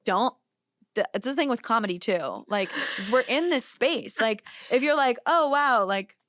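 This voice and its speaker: A woman chatting as a podcast guest, giving wedding speech tips in a loose, filler-heavy, animated way. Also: on the high side, no room sound, studio quality. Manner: chatty, quick asides, many fillers. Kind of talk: casual chat. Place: studio.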